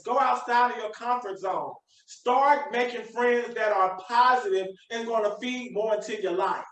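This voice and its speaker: Far from the microphone in an echoey room, a high, bright-voiced man hosts a live video podcast. He preaches his motivational message unhurriedly but with emphasis, his voice ringing around him.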